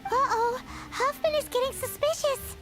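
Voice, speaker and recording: An actress voicing a tiny, excitable female fairy companion in a video game, with a squeaky childlike voice and jumpy exclamations. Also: moderate pace, soft background music. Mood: alarmed. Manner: jumpy exclamations, talks of herself by name.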